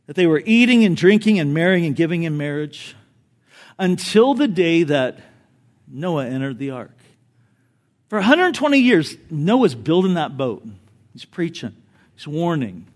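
High-voiced male pastor preaching. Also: a little slow, pauses often. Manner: animated, storytelling with jokes. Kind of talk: sermon.

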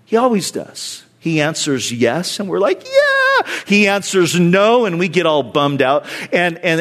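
A man preaching a sermon as pastor, emphatic, repeating phrases and lifting his voice sharply when voicing cries to God. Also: fairly high pitch.

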